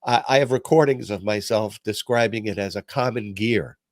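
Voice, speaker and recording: A man's voice: lowish voice, fairly quick, dry recording, studio quality. An older man hosting a podcast, telling stories in a casual, self-deprecating chat. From New York. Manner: storytelling, animated and self-deprecating. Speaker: podcast host.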